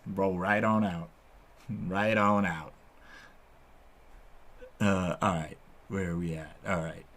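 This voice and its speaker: A man hosting his own channel gives a laid-back stoner chat to camera from home, rambling and laughing often. His deep, fairly bright voice stays fairly even and unhurried, picked up through headphones and a desk mic.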